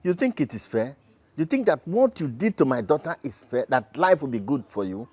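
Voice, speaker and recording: An actor with a Nigerian accent plays a father who comforts his pregnant daughter, then confronts the man responsible, moving from pleading and tender to angry on the phone with an indignant mood. His mid-range voice swings widely in pitch at normal speed with no room sound, on a film soundtrack with loud music.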